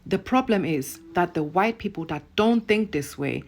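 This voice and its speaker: Blunt, husky-voiced woman ranting. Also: lowish voice, lively intonation, moderate pace. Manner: blunt, profane, emphatic. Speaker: online commentator. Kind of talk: impassioned rant to camera.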